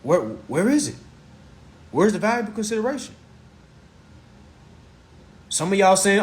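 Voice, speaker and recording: A man leads a casual live teaching session in a fairly high voice that swings widely in pitch. He drives points home with repetition, rhetorical questions and blunt swearing. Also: very animated, takes it slowly, pauses often.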